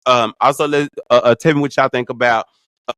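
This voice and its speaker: A young adult man hosting a casual vlog, telling a story in a profane, animated way. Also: medium pitch, a little fast, smooth, no echo, clean studio sound. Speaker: vlog host.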